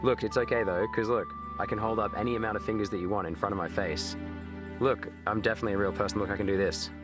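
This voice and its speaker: A man's voice: fairly low pitch, steady tone, fast talker. An Australian man in his thirties chatting casually while streaming a game, swearing and answering his chat. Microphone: webcam. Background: video game music.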